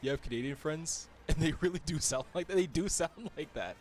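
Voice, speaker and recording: Animated male gaming streamer, raised voice, lively casual banter, faint game music underneath. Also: a little high, a little fast. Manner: animated, laughs often, jokey chatter with viewers.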